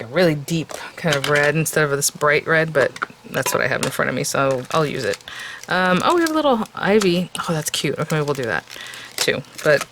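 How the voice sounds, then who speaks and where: A woman's voice: sits low, slight background noise, low-quality recording. A woman demonstrating card making in a casual crafting tutorial. She chats and thinks aloud as she works, and her voice sounds a little tired. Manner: chatty, thinking aloud while working. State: voice getting tired.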